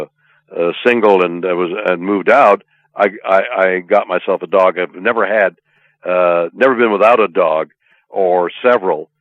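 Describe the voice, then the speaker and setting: An older man from Canada speaks from deep in his chest, pausing over long fillers and turning playful between them. The line is thin and tinny, like a phone call, and completely dry with no room around it. He sounds like a guest chatting loosely with his host. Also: no echo. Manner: halting, many drawn-out fillers, playful. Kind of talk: casual interview chat.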